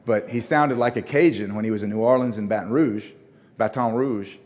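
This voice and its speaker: Low-voiced man with a northern Louisiana accent. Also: brisk, darkish tone. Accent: Northern Louisiana (Shreveport). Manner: conversational, repeats and restarts words, asks the audience questions. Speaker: conference presenter. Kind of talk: lecture presentation with slides.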